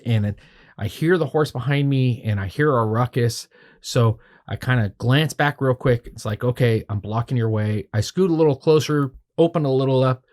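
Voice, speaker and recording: A man's voice: mid-range voice, darkish tone. Laid-back man telling a story. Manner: rambling, profane, laid-back anecdotes. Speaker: podcast guest photographer. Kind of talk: casual storytelling.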